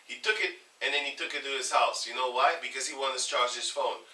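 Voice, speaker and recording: A man's voice: medium pitch, fast. A man telling stories in a casual group chat as its leader, acting out other people's lines as he goes. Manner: animated storytelling, acts out others' lines. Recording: echoey room from far off, faint noise.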